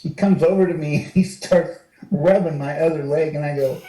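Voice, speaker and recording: A man in his sixties, an interview guest, telling stories in a lively, animated way and jumping higher when he acts out what was said. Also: moderate pace. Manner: animated storyteller, acts out quotes with rising pitch. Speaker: interview guest, retired wrestler. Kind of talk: casual storytelling interview. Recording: roomy echo.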